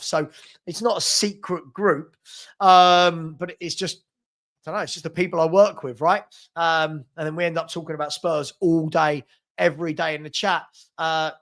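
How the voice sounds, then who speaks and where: A young man hosts a live fan watchalong, chatting casually into a desk mic and reading viewer comments aloud. His voice sits high for a man, and his talk is loose and full of ums and restarts. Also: a bit bright. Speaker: fan channel host reading live chat.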